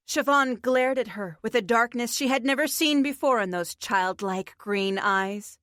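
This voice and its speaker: Slow, expressive woman narrating a story. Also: a little high, no echo, clean studio sound. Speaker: audiobook narrator. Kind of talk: scripted fiction narration.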